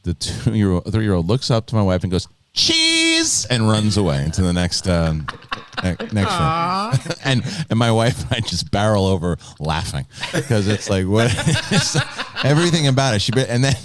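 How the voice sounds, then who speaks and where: A man's voice: fairly low pitch, sing-song, moderate pace, a little hiss or hum. A man in his thirties hosting a live talk show, telling stories animatedly, laughing often and acting out his kids' voices. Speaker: host. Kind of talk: casual live show chat.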